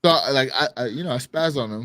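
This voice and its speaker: Male co-host, mid-pitch, lively raconteur who swears and shouts out quoted lines, dry studio sound. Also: fast, dry recording. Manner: animated, swears a lot, acts out quotes loudly. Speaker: podcast co-host. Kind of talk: casual storytelling chat.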